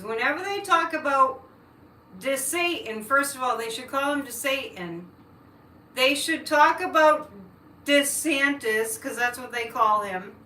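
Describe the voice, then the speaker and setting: A woman's voice: high-pitched, pushed and bright, distant mic. A woman hosting a psychic livestream, chatting with viewers and launching into political rants. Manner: chatty, ranting political asides. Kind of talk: live-stream chat, reading comments. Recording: echoey room, mic set back.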